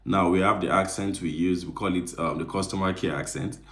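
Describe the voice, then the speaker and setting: A man's voice: low-pitched, fairly even intonation, a little fast, a bit bright. A man from Nigeria, talking casually and animatedly to camera as a vlogger, addressing his viewers directly. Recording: roomy echo.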